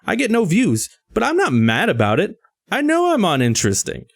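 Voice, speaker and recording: Lively, laid-back male podcast co-host. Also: high voice, fairly quick, vocal fry, no echo, clean studio sound. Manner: laid-back, self-deprecating, frequent "like". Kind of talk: casual podcast chat.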